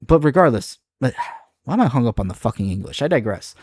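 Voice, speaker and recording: A man's voice: medium pitch, big pitch swings, fast, darkish tone, dry recording, clean studio sound. A man reacting to online comments in his video, exasperated and profane, rambling with frequent restarts. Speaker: video creator.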